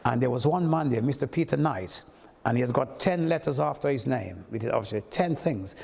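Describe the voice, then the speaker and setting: A man's voice: mid-range voice, brisk, creaky, in a large hall. An older man from Montserrat, a toastmaster telling stories and acting out the voices of the people in them. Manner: animated storyteller who acts out quoted speech. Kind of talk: anecdotal storytelling.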